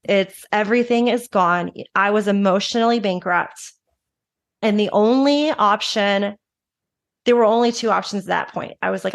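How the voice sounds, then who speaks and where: A woman's voice: mid-range voice, fairly even intonation, vocal fry. Frank woman telling her recovery story. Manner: frank, emotional, fast bursts with restarts. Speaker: guest, recovery advocate. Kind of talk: candid personal storytelling.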